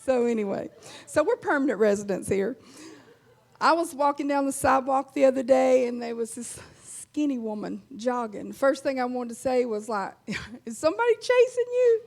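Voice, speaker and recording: A woman's voice: a little high, normal speed, creaky. A woman in her fifties with an Alabama accent, performing a folksy stand-up set and chuckling at her own lines. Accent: Southern US, Alabama. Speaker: stand-up comedian.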